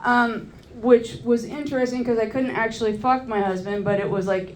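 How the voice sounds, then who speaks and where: A woman's voice: fairly high pitch, steady tone, normal speed, reverberant, very noisy. A woman in her forties doing a crude stand-up comedy set, telling loose stories and working the crowd from a club stage.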